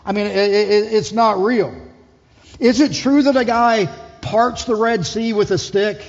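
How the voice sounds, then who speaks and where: Pastor guy with a high voice, chatty sermon, asking the crowd stuff, echoey church hall. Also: fairly even intonation, unhurried, gravelly, highs cut off. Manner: conversational, asks the congregation questions. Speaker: lead pastor.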